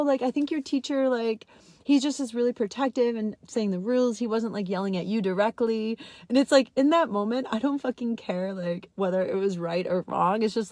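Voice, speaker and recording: A young woman telling a personal story in a casual vlog, laughing often and filling her talk with "like". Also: no room sound. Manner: giggly, says "like" constantly, swings high when excited. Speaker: vlogger.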